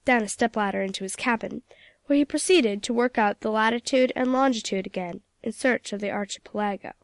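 Storybook narrator, woman, fairly high voice, dry close recording. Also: fairly quick, no echo. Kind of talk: storybook reading.

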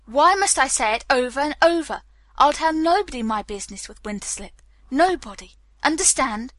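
A calm but stubborn Englishman who keeps his answers short and guarded, as a woman reads him. The voice is bright and a bit high, close to the mic in a dry space. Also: normal speed, dry recording. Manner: clipped, guarded refusals.

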